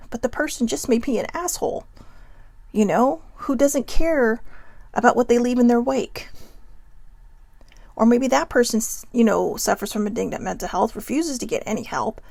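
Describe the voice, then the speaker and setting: A woman's voice: fairly high pitch, creaky, darkish tone, no room sound. A woman hosting a casual motivational talk to camera, frank and swearing freely, with many asides to her viewers. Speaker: host.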